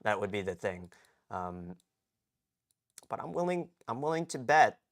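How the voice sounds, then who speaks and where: A man's voice: fairly low pitch, big pitch swings, measured pace. A young man from the United States chatting casually on a live stream from his garage, rambling with frequent restarts and tag questions. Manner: rambling, repeats "okay?" and restarts often. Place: home garage.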